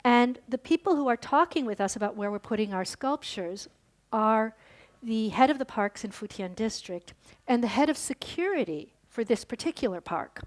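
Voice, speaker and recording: A woman's voice: fairly high pitch, lively intonation, normal speed. Woman lecturing at a conference. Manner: storytelling, explanatory, with fillers and restarts. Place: lecture hall.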